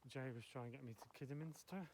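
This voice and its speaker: An out-of-breath man rambles on while climbing a hill outdoors, cutting himself off mid-thought. His voice sits at an ordinary middle pitch. Clear wind and outdoor noise run under his phone recording. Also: fast. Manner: chatty, rambling, self-interrupting. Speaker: vlogger. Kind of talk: rambling personal chat.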